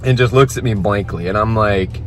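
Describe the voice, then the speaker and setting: A man's voice: on the low side, moderate pace, faint music behind. A young man vlogging casually to camera about his gym day, telling a rambling, slangy story. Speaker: fitness vlogger. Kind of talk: casual vlog talk to camera.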